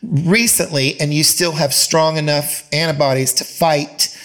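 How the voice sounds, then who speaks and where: A man's voice: fairly high pitch, a little slow, a bit bright. A man hosting a casual chat, campy and bawdy, calling people honey. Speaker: host.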